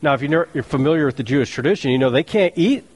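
Man, pastor, casual joking sermon, slightly high voice. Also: expressive, quick pace, darkish tone. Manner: casual, joking storyteller with slang.

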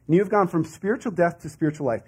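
A man's voice: on the high side, rapid-fire, husky. A man preaching a sermon as a pastor in a conversational way, with asides and laughs.

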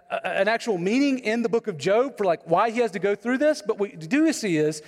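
A man preaching a sermon as pastor, conversational, often asking the congregation questions. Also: high voice. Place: church sanctuary. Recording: long hall reverb.

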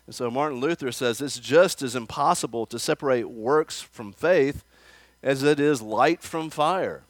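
A man preaches a conversational sermon, now and then putting questions to the children and the congregation. His voice sits at a middle pitch. The sound is dry and close, with little trace of the room. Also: measured pace, no echo. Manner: acts out quoted voices with rising emphasis. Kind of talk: expository sermon. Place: church.

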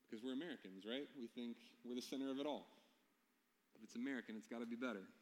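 A man's voice: mid-range voice, fast. A man preaching a sermon, telling stories and asking his listeners questions. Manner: storytelling, asks the congregation questions. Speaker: pastor. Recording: long hall reverb.

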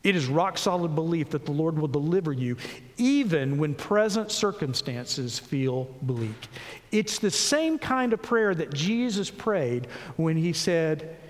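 A man preaching a sermon, reading scripture slowly and earnestly, dropping low and soft between rising pleas. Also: animated, long reverb tail. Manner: earnest, slows and rises on scripture, drops low and soft on pauses.

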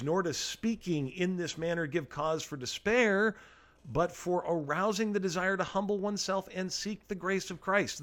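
A man preaching a sermon, reading scripture aloud and explaining it in an earnest, emphatic way, often repeating key phrases. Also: mid-range voice.

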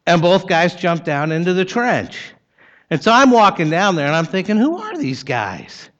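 A man's voice: sits high, normal speed, a bit bright. Storytelling male pastor, muffled sound. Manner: storytelling, conversational, dry humor. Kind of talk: sermon with personal story.

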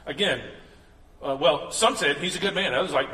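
A man preaching to a congregation, bright and tense in tone and high in pitch, speaking conversationally and slipping into quoted voices for comic effect. His voice rings around a large hall with a long, roomy reverb. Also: normal speed. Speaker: pastor. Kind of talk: sermon.

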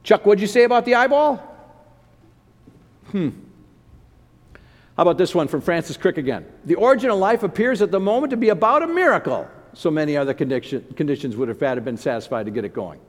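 Male preacher, high voice, animated, quizzes the crowd; reverberant hall. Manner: animated, asks the audience questions. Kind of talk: sermon.

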